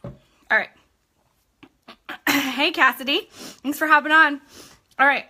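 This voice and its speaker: A woman's voice: high voice, steady tone, slow pace, pushed and bright. A young woman giving an upbeat live-streamed coaching talk as a sales team trainer, chatty and constantly checking in with her listeners.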